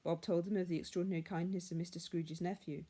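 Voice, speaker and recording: A woman reading a classic story aloud in a measured, hushed manner. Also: on the low side, level tone, breathy edge. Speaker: reader.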